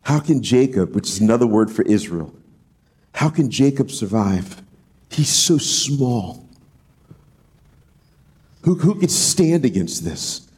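A man's voice: normal speed, husky. A man preaching an expository sermon, talking it through casually with frequent restarts and acting out quoted pleas. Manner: animated, acts out quoted pleas in a high voice; conversational, repeats words as he thinks aloud. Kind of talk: expository Bible teaching.

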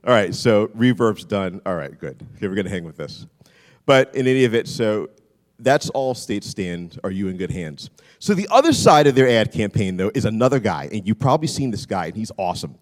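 A man's voice: lowish voice, expressive, a little fast. A man preaching a conversational sermon as a pastor, often repeating his questions. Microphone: handheld mic, swapped mid-sermon. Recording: long hall reverb.

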